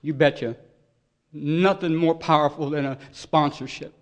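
A man giving an earnest, emotional personal testimony at a recovery meeting, voice swelling loud at its peaks. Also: a little high, fairly even intonation, measured pace, lo-fi sound.

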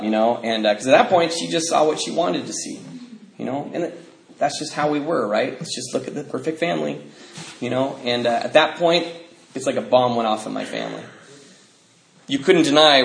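A man's voice: medium pitch, brisk, vocal fry. Rambling man telling his life story. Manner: rambling, many fillers, darkly joking. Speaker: speaker sharing his recovery story. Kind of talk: personal storytelling talk. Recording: roomy echo, faint noise.

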